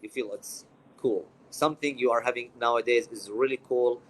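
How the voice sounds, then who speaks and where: A man's voice: mid-range voice, fairly even intonation, normal speed, a loud crowd, poor audio. A man, an Arabic speaker, hosting a live-streamed English lesson and mixing Arabic with English in an upbeat way. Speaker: English teacher and stream host.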